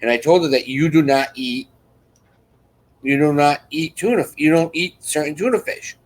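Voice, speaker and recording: At a moderate pace, a man with a fairly high voice hosts a live chat on a rough recording. He tells a rambling, repetitive story, keeps restarting sentences, and imitates other people's lines in quoted voices.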